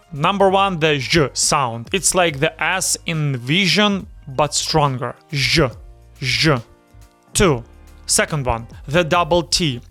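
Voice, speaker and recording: A man from Ukraine with a Ukrainian accent, hosting a pronunciation lesson and speaking slowly and deliberately, repeating words to demonstrate their sounds. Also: a little high, fairly bright tone. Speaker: YouTube host teaching pronunciation.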